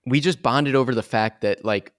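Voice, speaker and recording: A man's voice: mid-range voice, normal speed. A young man co-hosting a podcast in casual chat, chatty and self-mocking with lots of fillers. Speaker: podcast co-host.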